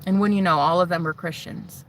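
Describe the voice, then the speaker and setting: A woman vlogger telling her personal story to camera, animated and sassy, swearing freely and calling the viewer "honey". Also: lowish voice, fairly quick, slight background noise. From United States. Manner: swears freely, shouts mocking retorts.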